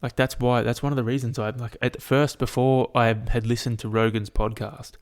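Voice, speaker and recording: Hosting a solo podcast, a man rants and tells animated stories straight to the listener, swearing heavily and filling his speech with constant "like." His voice is medium-pitched and his speed normal.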